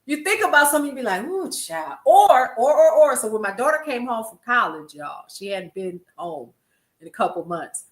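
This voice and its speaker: A woman's voice: on the high side, expressive, brisk, a bit bright, reverberant. An older woman, a grandmother, hosting a casual news commentary stream, chatty and laughing often as she talks to her viewers. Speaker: host.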